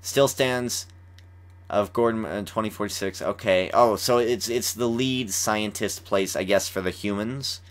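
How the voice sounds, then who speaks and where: A man's voice: on the low side, measured pace. Rambling young man recapping a TV episode. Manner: rambling, says "like" often, animated retelling. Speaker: podcast host. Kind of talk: casual chat about a TV episode.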